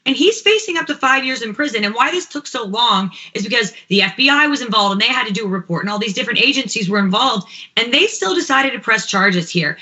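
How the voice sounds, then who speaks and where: A woman panelist on a talk show, assertive and opinionated, with quick asides. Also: fairly high pitch, pushed and bright, lo-fi sound. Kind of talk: casual panel chat.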